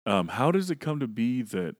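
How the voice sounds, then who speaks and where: A man's voice: mid-range voice, big pitch swings, moderate pace, no echo, studio quality. A man casually recapping a film's plot on a podcast, loose and profane, acting out bits of dialogue. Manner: loose, profane retelling of plot with acted-out quotes. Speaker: podcast co-host. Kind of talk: casual movie recap chat.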